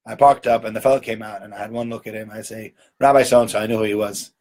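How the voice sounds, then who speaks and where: A man's voice: on the low side, steady tone, fast talker, darkish tone. A man giving an informal Torah lecture in a conversational way, often checking in with "right?" and doubling words for emphasis. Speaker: rabbi giving a Torah talk.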